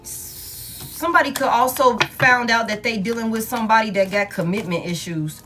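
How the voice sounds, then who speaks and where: A woman giving a casual tarot reading in a blunt, profane, animated way, repeating herself for emphasis. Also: on the high side, moderate pace, music in the background. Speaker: tarot reader.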